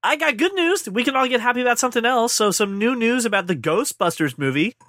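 A man hosting a podcast in casual chat, joking and talking in quick, animated bursts. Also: very high voice, no echo, studio quality. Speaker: podcast host.

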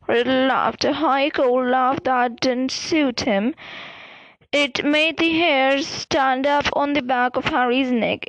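A woman reading a novel aloud as an audiobook reader, in even storytelling narration with small slips. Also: high-pitched, slow pace, no room sound, low-quality recording.

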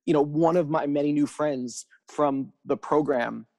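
A man talking as a podcast guest in a casual chat, animated and rushing in quick bursts with frequent restarts. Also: a little high.

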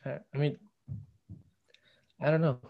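A young man co-hosting a casual sports podcast, measured and analytical as he weighs each matchup. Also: on the high side, flat delivery, vocal fry, muffled recording. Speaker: podcast co-host.

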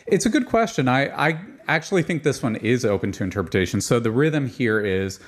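A man's voice: medium pitch, animated, a little fast. A man, a composer, explaining his choral writing in an interview, thoughtful and explanatory. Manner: demonstrates rhythms by chanting and singing them. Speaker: composer guest. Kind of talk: interview about choral music.

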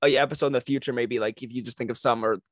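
A man's voice: mid-range voice, fairly even intonation, very fast, no room sound, clean studio sound. A man co-hosting a podcast, chatting casually and laughing at his own attempts. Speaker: podcast co-host. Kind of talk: casual chat. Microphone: podcast microphone.

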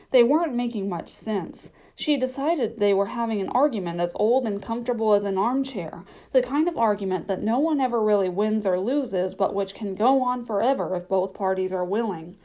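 A woman reads a children's novel aloud in a measured, storytelling way. Her voice is warm and mellow, sitting at a middle pitch. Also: lively intonation. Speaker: narrator. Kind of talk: audiobook narration.

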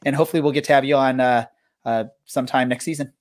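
A man's voice: mid-range voice, fairly even intonation, fast talker. Rambling male podcast host. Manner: rambling, with many fillers and restarts. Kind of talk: casual chat.

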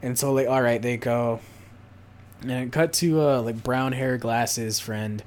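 A man's voice: mid-range voice, fairly even intonation, slow pace, darkish tone. A man co-hosting a podcast, casually chatting and recapping a plot in a rambling, profane way. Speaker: podcast co-host. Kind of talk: casual chat.

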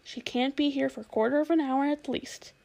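A woman voicing a bustling, motherly female beaver who talks briskly and practically, in a storybook reading. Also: high voice, steady tone, gravelly, warm tone, poor audio. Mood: soothing, brisk. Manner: brisk, fussing, homely.

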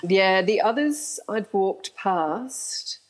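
A woman's voice: mid-range voice, expressive, drawn-out words, low-quality recording. A middle-aged woman, a guest telling frank stories in an interview and laughing often. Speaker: guest, author. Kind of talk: candid storytelling interview.

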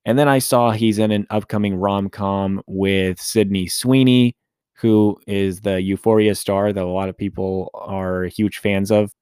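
A man's voice: fairly low pitch, steady tone, unhurried, darkish tone, smooth, no echo, studio quality. A man hosting a solo movie podcast, talking casually and rambling as he corrects himself. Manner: chatty, rambling, self-correcting. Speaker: movie review podcast host.

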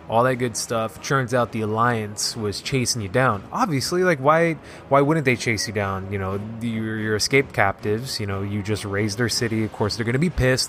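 A man at an ordinary middle pitch, chatting excitedly through a game's story. He rambles and leans on "like" as he goes, with faint music under him. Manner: excited, rambling, heavy use of "like". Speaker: gaming video host. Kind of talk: casual game story recap.

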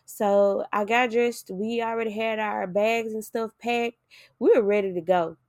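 Animated woman telling a story, dry close mic. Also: medium pitch, measured pace, no echo. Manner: animated, acts out quotes, swears freely. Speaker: podcast host telling her story. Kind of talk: casual storytelling chat.

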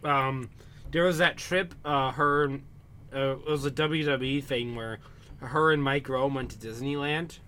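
A man's voice: medium pitch, steady tone, measured pace, sharp tone. A young man co-hosting a casual chat, often restarting and repeating words as he thinks. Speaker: podcast co-host.

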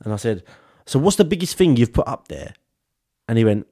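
A man's voice: medium pitch, very animated, brisk, mellow. Young British male podcast co-host, casual storyteller, giggly, does the other person's lines too. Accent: British English. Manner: laughing often, acts out both sides of a chat.

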